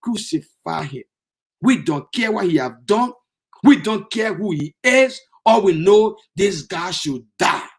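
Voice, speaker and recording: A man's voice: high voice, lively intonation, unhurried. A man preaching voices an angry crowd that makes blunt threats. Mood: hostile. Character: angry hostile crowd demanding death.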